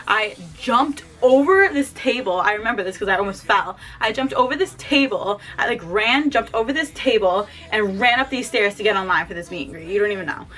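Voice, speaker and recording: A young woman vlogger telling an excited story at home, gushing and saying "like" constantly. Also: mid-range voice. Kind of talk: casual story time.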